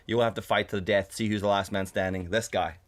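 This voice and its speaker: A man co-hosting a podcast, telling a story in casual chat on a condenser studio mic, animated and swearing often, mimicking his partner in a raised voice. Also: lowish voice, quick pace. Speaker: podcast co-host.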